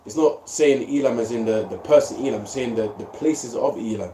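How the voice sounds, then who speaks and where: A man's voice: medium pitch, brisk, mellow, a little hiss or hum. A man in a casual religious discussion, reading scripture aloud and adding slangy comments. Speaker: scripture reader in a group discussion. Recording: echoey room.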